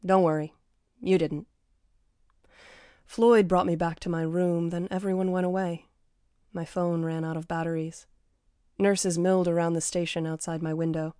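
A woman reading her own memoir in the first person, with a dry, understated, deadpan delivery. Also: fairly low pitch, normal speed, smooth, dry recording.

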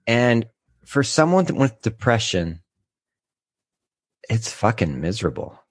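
A man in his thirties talking candidly and emotionally on a podcast, halting at times as he opens up. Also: fairly low pitch, sing-song, no echo, clean studio sound. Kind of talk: casual podcast chat.

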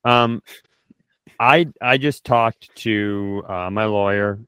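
A man's voice: fairly low pitch, fairly even intonation, slow pace, sharp tone, smooth, no echo. A man on a podcast doing improvised comedy banter, profane and full of mock threats. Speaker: podcast co-host.

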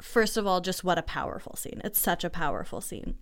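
A woman's voice: lowish voice, sing-song, a little fast. A young woman, a mother, talking in a casual chat in an earnest, emotional way, often repeating herself.

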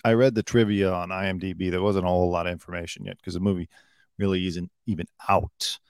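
A man's voice: low voice, flat delivery, fast, gravelly, dry recording, studio quality. Blunt, opinionated man commenting on news. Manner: opinionated, blunt, swears freely. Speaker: show host.

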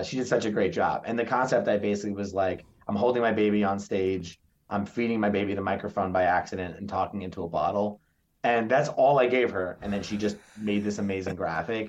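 Lively storytelling man, lo-fi. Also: lowish voice. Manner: animated storyteller, acts out quotes. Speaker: stand-up comedian, podcast guest. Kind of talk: casual interview chat. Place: New York area.

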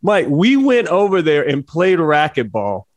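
Guy with a lively up-and-down voice telling stories on a podcast, dry close mic. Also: fairly high pitch, brisk, no room sound. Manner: animated storyteller, voices his characters, laughs often. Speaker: podcast co-host, former football player. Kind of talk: casual storytelling chat.

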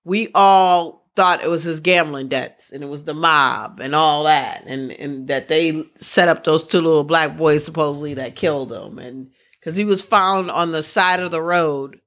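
A woman's voice: deep voice, unhurried, fairly bright tone. A woman hosting a podcast, rambling through sports news in casual chat and often restarting her sentences. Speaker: podcast host.

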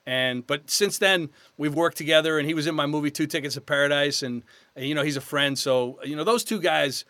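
A man's voice: a little high, a little fast, bright, forceful tone, no echo. A man from New York, guest actor on a casual podcast interview, telling chatty, self-deprecating stories.

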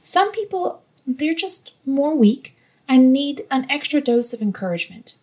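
A woman giving a devotional Bible teaching in an earnest, gently encouraging way. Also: sits high, animated, a little slow.

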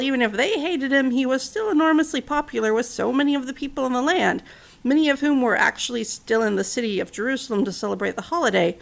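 A woman in her thirties hosts a children's story podcast. She narrates in an earnest, gentle way, her voice fairly high and gravelly. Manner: earnest, gentle, conversational asides.

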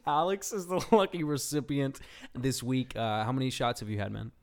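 A man's voice: medium pitch, moderate pace. A young man hosting a casual podcast, telling a story and joking with his co-host, often breaking into laughter.

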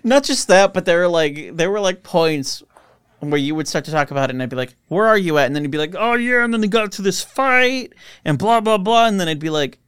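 A man co-hosting a podcast, chatting in a laid-back way and chiming in with quick agreement. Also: on the high side, lively intonation, a bit bright, clear, resonant tone, dry recording, clean studio sound. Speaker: podcast co-host. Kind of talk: casual chat.

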